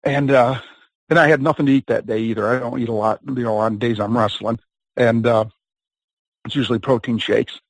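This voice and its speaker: Man, medium pitch, dry close voice, rambling storyteller, laughs while telling, wrestler guest. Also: fairly even intonation, fairly quick, creaky, dry recording, rough recording. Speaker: interview guest. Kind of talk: casual storytelling.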